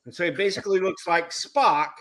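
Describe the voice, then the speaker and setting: A man chatting casually on a group video chat show, telling animated stories, acting out the people he quotes and often restarting his words. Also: sits high, fairly quick. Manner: self-interrupting, repeats words.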